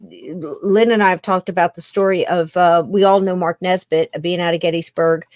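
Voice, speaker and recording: A woman's voice: on the low side, steady tone, moderate pace, a little mellow, no room sound. A woman hosting a podcast in casual conversation, chatty and rambling, often tripping over her words. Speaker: podcast host.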